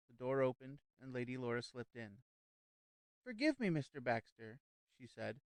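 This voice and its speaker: A man narrates a novel in a measured, even storytelling voice of middle pitch. His tone is smooth and clear, and the recording is close and dry, with no room sound. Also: dry recording. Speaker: audiobook narrator.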